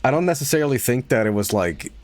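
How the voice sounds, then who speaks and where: A man streaming a game, chatting casually and rambling through a story, swearing and laughing loudly. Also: mid-range voice, animated, fast. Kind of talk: casual live-stream chat while gaming.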